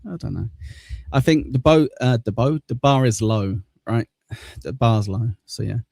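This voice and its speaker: A man from southern England, his accent close to Cockney, hosts a livestream and works through viewer comments in a rambling, laid-back way, swearing casually. His medium-pitched voice has vocal fry and a darkish tone at a moderate pace, with no room sound.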